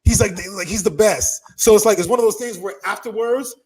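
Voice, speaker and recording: A man with a fairly high voice tells a wild story as an interview guest. He swears freely, laughs often, and acts out everyone involved with loud, excited shouts. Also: a little fast, poor audio. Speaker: interview guest, former wrestler. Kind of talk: animated storytelling.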